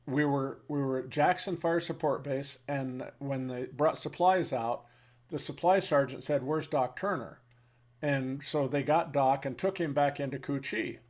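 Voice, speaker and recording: A man in his seventies, a veteran interviewee telling war stories in a halting way, with pauses and fillers, then blunt and wry. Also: medium pitch, a little mellow. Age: 70s. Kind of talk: reflective war storytelling.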